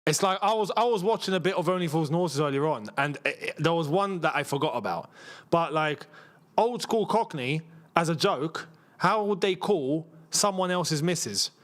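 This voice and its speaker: Lively, laughing young man. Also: fairly high pitch, moderate pace. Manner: chatty, laughs often, slangy London banter. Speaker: football watchalong host. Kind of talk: casual live match commentary and chat.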